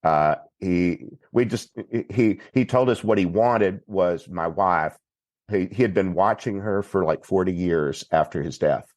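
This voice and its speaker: A man from Texas, a priest guest on a podcast, telling a story in an unhurried, plainspoken way. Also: low voice, darkish tone, dry recording. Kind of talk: recounting a story in conversation.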